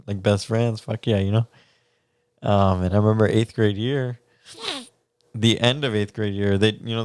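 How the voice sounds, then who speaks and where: A man's voice: fairly low pitch, a little mellow, clear, resonant tone, no echo. A young man, co-hosting a podcast and telling a story in casual chat, laughing often and swearing casually. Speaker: podcast co-host.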